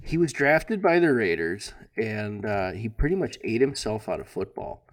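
A man's voice: lowish voice, very animated, normal speed. A man co-hosting a podcast, laid-back, talking sports in casual banter. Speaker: podcast co-host.

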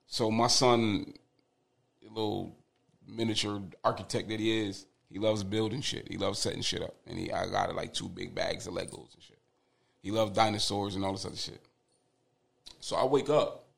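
Gravelly young man telling animated stories. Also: lowish voice, normal speed. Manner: animated, profane storytelling with laughter. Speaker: podcast guest, father of twins. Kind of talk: casual podcast storytelling.

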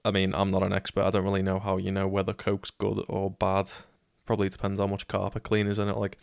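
A British man in his twenties tells a story in a casual, swearing, self-mocking way. His voice sits a little low and comes through smooth and clear. The sound is close and dry, with no room around it. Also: completely flat delivery, fast talker, dry recording. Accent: British English. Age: 20s. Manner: sweary and wry, self-deprecating.

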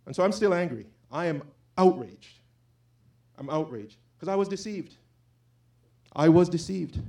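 A man's voice: high-pitched, animated, a little slow, creaky, mellow. A man giving an informal, impassioned sermon, talking conversationally and quoting scripture. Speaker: preacher.

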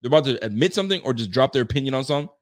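Brief: male sports fan host, mid-pitch, animated reaction rants, quick laughs. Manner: excitable, ranting, laughs often. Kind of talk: casual reaction commentary.

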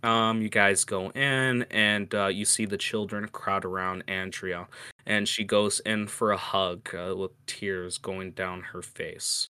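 A man's voice: low-pitched, steady tone, takes it slowly, bright, forceful tone, clear, resonant tone, dry recording. A man narrating as game master of a tabletop game, hesitant with many fillers.

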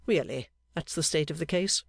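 A man voicing an airy, cynical gentleman painter who talks with breezy enthusiasm. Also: a little high, moderate pace, creaky, husky, dry recording.

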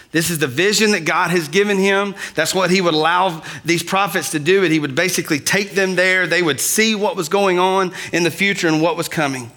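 A man preaching to his congregation in a high, bright voice. He keeps it conversational and speaks to the people straight on. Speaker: pastor. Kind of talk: sermon.

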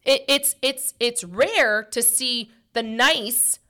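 A woman's voice: a little high, takes it slowly, bright, forceful tone. A woman hosting a casual opinion talk show, speaking emphatically and preachily with many fillers like "like" and "you know".

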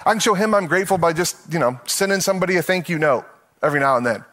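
Guy pastor preaching casual and jokey, kinda higher voice, does little voices for people. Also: expressive, rapid-fire, pushed and bright. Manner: conversational and playful, acting out everyday voices with laughs. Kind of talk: sermon.

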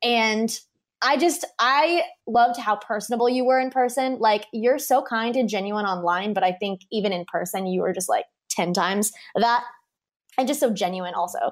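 A woman's voice: fairly high pitch, normal speed. A young woman, a wedding photographer guest on a podcast, telling a story in a bubbly casual way, laughing often and saying "like" a lot.

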